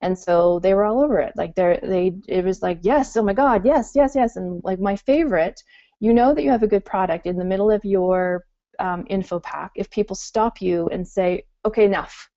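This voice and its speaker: Middle-aged woman guest, chatty and animated when quoting others, mellow voice, dull dry audio. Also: on the low side, moderate pace, no echo. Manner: chatty, acts out customers' excited reactions. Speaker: guest entrepreneur. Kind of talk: casual interview talk. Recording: muffled call audio.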